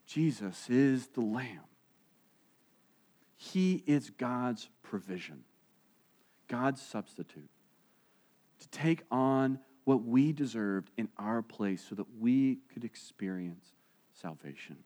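A male pastor preaching a sermon, acting out the voices in his stories and dropping soft and slow on key phrases. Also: medium pitch. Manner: animated storytelling, acting out quoted voices.

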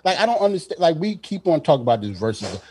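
A man in a heated casual chat among friends, blunt and profane, with a husky voice. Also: on the high side, big pitch swings, fast talker, crowd noise.

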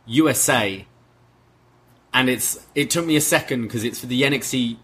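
A man co-hosting a podcast, giving a relaxed, filler-heavy recap of a wrestling show. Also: mid-range voice, fast talker, husky. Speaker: podcast co-host.

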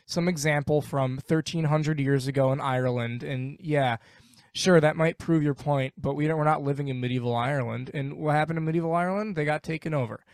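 A man's voice: fairly high pitch, a little fast, a little mellow, clean tone, dry recording, clean studio sound. A man speaking as a guest on a podcast, ranting bluntly and with animation in casual conversation.

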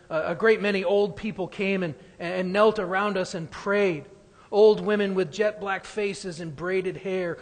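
A man preaching, telling a story aloud in an earnest, unhurried way and going quiet in the tender parts. His voice is pitched high for a man. A long reverb trails after each phrase, as in a large hall. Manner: earnest storytelling, hushed in sad passages. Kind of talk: sermon with a story read aloud.

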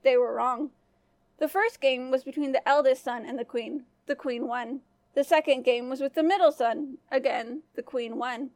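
A woman storyteller narrating a fairy tale for a family-friendly podcast in a gentle manner. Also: high voice, fairly even intonation, moderate pace, no echo.

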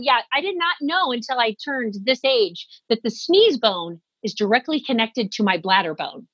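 High-voiced woman in her forties, joking. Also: normal speed, hardly any pauses, dry recording, highs cut off. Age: 40s. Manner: animated, self-deprecating, acts out quotes. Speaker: comedian guest. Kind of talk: comedic storytelling in conversation.

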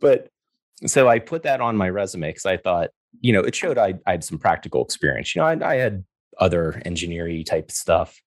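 A middle-aged man telling a story in a casual, animated way, acting out the dialogue and laughing often. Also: low voice, a little fast, no room sound, studio quality. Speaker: guest.

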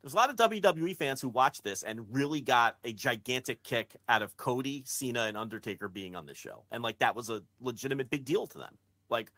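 A man's voice: mid-range voice, expressive, fairly quick, pushed and bright. A man co-hosting a wrestling podcast, talking bluntly and at length in casual, profane chat with frequent restarts.

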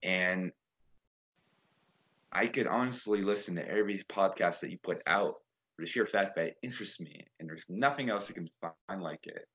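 A man's voice: deep voice, moderate pace, a bit bright, breathy edge. A man talking as a podcast guest, earnest and rambling with fillers in a casual chat. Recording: dull lo-fi sound.

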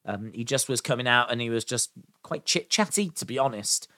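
A man's voice: mid-range voice, expressive, fairly quick, bright, forceful tone, dry recording, clean studio sound. A man giving a casual spoken recap of a wrestling show as its reviewer, enthusiastic and chatty, with frequent "uh" and "um" fillers.

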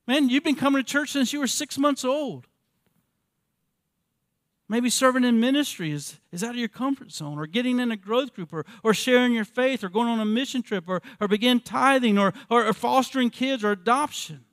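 A man in his fifties with a fairly high voice delivers an earnest church sermon. He asks the congregation rhetorical questions and often repeats words as he goes. The sound is dry and close, with almost no room echo. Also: moderate pace, a bit bright. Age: 50s. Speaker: pastor.

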